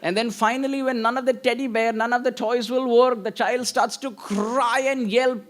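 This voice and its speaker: A man's voice: extremely high pitch, fairly even intonation, moderate pace. A man giving a devotional lecture, telling stories with acted-out voices and chanting Sanskrit verses. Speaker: preacher.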